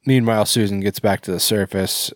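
A man's voice: lowish voice, steady tone, fairly quick, no echo, studio quality. A man casually recapping a movie on a podcast, rambling with fillers and self-corrections. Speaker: podcast co-host.

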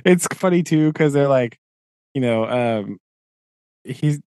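Man, podcast co-host, casual retelling, animated, acts out quotes, dry close mic. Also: medium pitch, takes it slowly, clear, resonant tone, no room sound. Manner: animated, acts out characters' lines with filler "like". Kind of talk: casual retelling of a book chapter.

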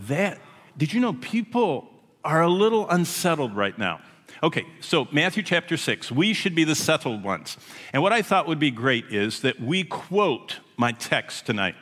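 A man's voice: a little high, big pitch swings, moderate pace, fairly bright tone. A man who is a traveling missionary preaching a sermon to a congregation, telling stories in a folksy, chatty way with asides to the audience. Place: church or meeting hall with a congregation. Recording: long hall reverb.

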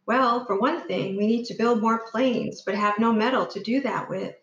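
A woman reading the part of a solemn, gentle father who runs a newspaper, in a quiet, measured, reassuring way. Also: a little high, roomy sound, muffled recording, lightly acted.

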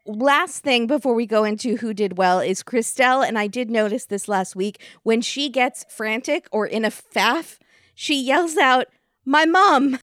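A woman co-hosting a casual recap podcast, telling the episode's events in a wry, animated way with frequent laughs. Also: fairly high pitch, normal speed, hardly any pauses, dry recording, studio quality. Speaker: podcast co-host.

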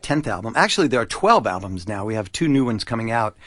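A man, a children's musician, chatting as a radio guest in a friendly, rambling way with many pauses. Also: lowish voice, sing-song, a bit bright. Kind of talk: casual radio interview.

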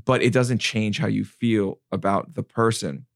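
A man in his thirties hosting a casual chat, animated and profane, acting out quotes. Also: on the low side, measured pace, gravelly, dry recording, studio quality.

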